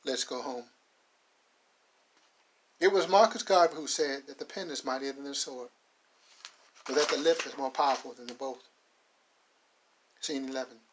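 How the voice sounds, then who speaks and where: A man narrating a story in slow, measured, poetic phrases. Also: mid-range voice, a little hiss or hum, low-quality recording.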